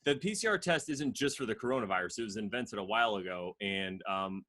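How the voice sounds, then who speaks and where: A man's voice: lowish voice, animated, fairly quick, pushed and bright. A young man from Connecticut co-hosting a casual podcast, explaining things in a rambling, self-mocking way. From Connecticut, USA. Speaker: podcast co-host.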